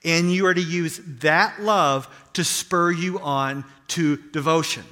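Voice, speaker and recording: A man preaching a sermon as pastor, animated and acting out the voices he quotes. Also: fairly high pitch, slow pace, in a large hall. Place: church sanctuary.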